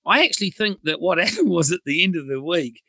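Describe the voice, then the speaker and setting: Bright-voiced New man telling stories. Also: fairly high pitch, very animated, quick pace, no echo. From New Zealand. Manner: chuckling storyteller. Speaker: guest. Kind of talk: casual anecdote.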